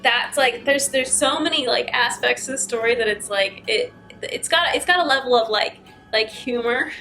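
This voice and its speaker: A woman muses aloud in an amused, chatty way as she reacts to a spooky story. Her voice is bright and a touch high, with faint music underneath. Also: normal speed. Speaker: channel host reacting to clips. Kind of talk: casual reaction commentary.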